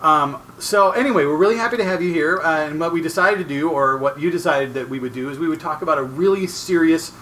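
A man's voice: on the high side, quick pace, few pauses, fairly bright tone, slight background noise, poor audio. A man hosting a podcast, chatting and joking casually with his co-hosts and guest. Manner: joking, chatty, restarts often. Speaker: podcast host.

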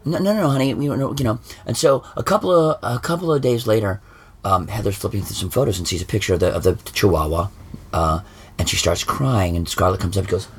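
A man chatting on a podcast, telling a family story with halting restarts. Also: sits low, breathy edge. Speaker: podcast guest, parent. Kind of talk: casual chat.

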